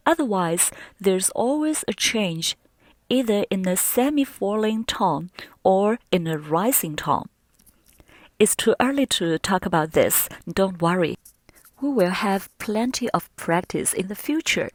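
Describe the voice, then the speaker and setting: A woman teaching Mandarin pronunciation, carefully demonstrating each tone in drawn-out syllables. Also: medium pitch, expressive, no echo, studio quality. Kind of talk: pronunciation lesson.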